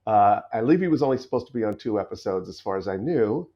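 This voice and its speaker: A man's voice: fairly low pitch, animated, fast talker, mellow. Thoughtful middle-aged man on a dull line. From United States. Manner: thoughtful, many restarts and repeated words. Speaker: guest actor. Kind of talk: podcast interview conversation. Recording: dull lo-fi audio.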